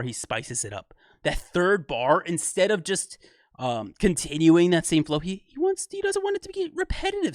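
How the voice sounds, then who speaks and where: A young man hosting a music reaction channel, casually breaking down rap rhythms with excitement, laughing often and correcting himself as he goes. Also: on the high side, no echo, clean studio sound.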